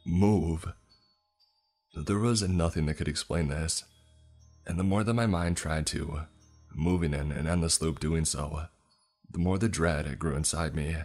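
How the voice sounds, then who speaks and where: A man narrates a horror story in a tense, measured way, his voice very deep and husky. Faint music plays under the reading.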